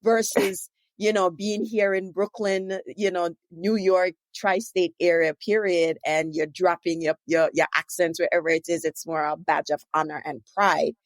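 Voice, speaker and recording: Lower-voiced Jamaican woman hosting a podcast. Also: fairly even intonation, measured pace, hardly any pauses, no room sound. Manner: rambling, self-correcting questions. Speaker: podcast host. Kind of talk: casual interview conversation.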